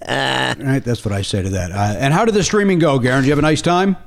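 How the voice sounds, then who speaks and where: A man hosting a comedy podcast, telling a story in a casual, animated way and acting out both sides of a phone argument. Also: mid-range voice, gravelly. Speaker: podcast host.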